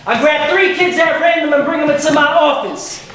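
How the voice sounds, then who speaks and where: Storytelling poet in an echoing venue. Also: male voice, very high-pitched, brisk, a bit bright, slight background noise. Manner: storytelling, rhythmic delivery. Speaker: spoken-word poet. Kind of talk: live spoken-word performance. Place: live performance venue. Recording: echoey live venue, distant mic.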